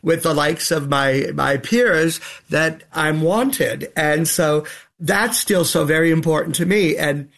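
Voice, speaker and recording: A man's voice: on the high side, slow pace, creaky, a bit bright. An older man and drag performer speaking as an interview guest, talking in a theatrical, wistful and self-deprecating way. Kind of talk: radio interview.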